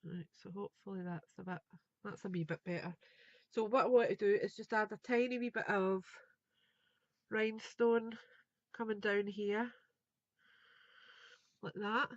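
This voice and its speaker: A woman's voice: medium pitch, fairly even intonation, moderate pace, pauses often, dry recording, dull audio. A woman, chatting and thinking aloud as she demonstrates a craft project live. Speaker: craft tutor.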